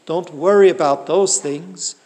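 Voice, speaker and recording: Man preaching, high voice, earnest rhetorical questions, long hall reverb. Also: measured pace, darkish tone. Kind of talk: sermon.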